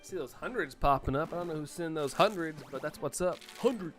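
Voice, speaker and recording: A man from the United States, a live streamer, chatting casually and answering viewer chat out loud. He sounds a little sniffly from allergies. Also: a little high, lively intonation, a little fast, faint music behind.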